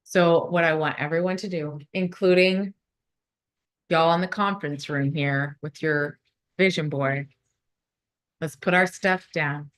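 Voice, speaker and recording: Slow-talking woman, kinda low voice, calm motivational speaker guiding a meditation in a conference room. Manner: warm, slow and soothing when guiding the meditation. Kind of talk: motivational talk and guided visualization. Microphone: phone.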